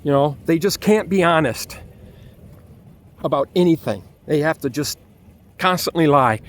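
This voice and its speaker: A man's voice: fairly high pitch, slight background noise. Fed-up ranting man outdoors. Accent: Michigan. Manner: angry, exasperated ranting with restarts. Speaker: vlogger. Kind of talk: ranting vlog.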